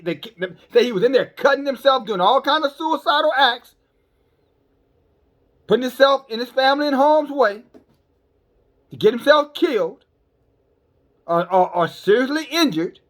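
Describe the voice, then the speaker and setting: A male preacher with a notably high voice delivers a fiery sermon. He is blunt and scolding with his listeners and keeps stumbling over repeated words. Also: moderate pace. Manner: scolding, calls listeners sisters and brothers.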